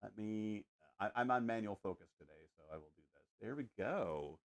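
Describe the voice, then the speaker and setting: Painting on a live stream from his home studio, a man chats casually, joking and adding little sound effects as he works. His voice is on the low side with vocal fry, brisk and animated, and the recording is dry.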